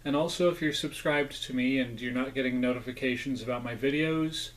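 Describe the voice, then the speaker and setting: A man's voice: mid-range voice, a little fast, rough recording. This is a man with an ordinary mid-range voice, talking casually to his viewers as he reviews junk food. He rambles, corrects himself, and sometimes speaks through a mouthful of food. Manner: rambling, chatty, talks with mouth full.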